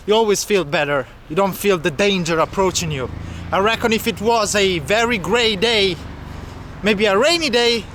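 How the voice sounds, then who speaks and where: A man's voice: sits high, pushed and bright, a little hiss or hum. A man walking city streets as a travel vlogger, chatting and explaining local facts to the camera. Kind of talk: walking travel vlog narration.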